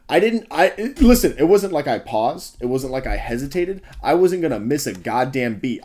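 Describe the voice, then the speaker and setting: A man's voice: medium pitch, a little mellow. A young man telling a frustrated story about his restaurant shift, ranting and swearing freely in a casual vlog. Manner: mutters asides to himself while building in a game.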